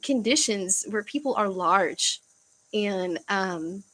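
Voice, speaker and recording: A young woman chatting casually on a livestream from home, halting and searching for words, with frequent fillers and sighs. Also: mid-range voice, lively intonation, fairly bright tone, rough recording. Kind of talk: casual livestream chat reading comments.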